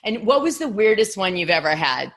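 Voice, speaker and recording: Woman host, chatty, laughs easily, lots of "like", mid-pitched voice. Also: big pitch swings, a little fast, fairly bright tone. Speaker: podcast host. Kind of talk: casual interview chat.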